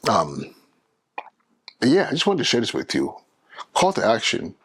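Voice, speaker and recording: A man hosting his own podcast, talking in an animated, emphatic way and often restarting his phrases. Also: lowish voice, moderate pace, breathy edge, no echo. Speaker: podcast host. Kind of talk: casual solo podcast monologue.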